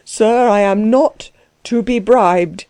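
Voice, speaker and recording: A woman voicing an agitated, jealous young man close to tears, with shrill, raving outbursts. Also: moderate pace, warm tone, no room sound, natural voice. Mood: tearful. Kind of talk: audiobook character voice.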